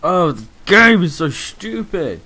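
A man's voice: sits high, big pitch swings, takes it slowly, bright, forceful tone. A man commentating a racing game, cursing and venting his frustration in outbursts. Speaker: let's play gamer. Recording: faint game music behind.

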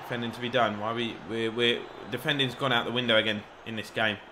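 A young man giving excitable, rambling live commentary over a football video game, shouting encouragement at the players and joking at himself. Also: medium pitch, fast talker, noisy background. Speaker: gaming YouTuber.

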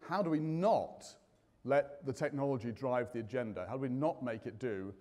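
Speaking at normal speed in a medium-pitched voice, a man runs a live event in a large, echoey conference hall. His style is chatty and playful as he jokes around and puts questions to the audience.

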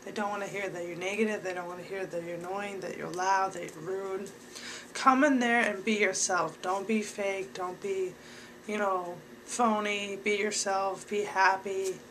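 A man's voice: sits high, steady tone, moderate pace, pushed and bright, a little hiss or hum, poor audio. A young man giving casual advice straight to his viewers in a rambling way, with lots of fillers. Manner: rambling, filler-heavy, talks to viewers directly.

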